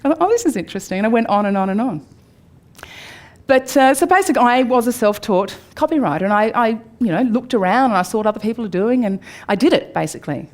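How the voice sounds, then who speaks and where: An Australian woman in her forties tells a candid personal story to a live audience. Her telling swings from upbeat to hushed. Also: fairly high pitch, animated, fast talker. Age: 40s. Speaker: speaker. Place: room before a live audience.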